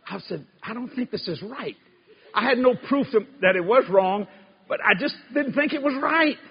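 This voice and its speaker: A man's voice: extremely high pitch, animated, normal speed, husky. A man telling comic church stories to a live crowd, laughing through his words in dialect. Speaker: preacher telling a story. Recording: live, dull sound, loud crowd and noise.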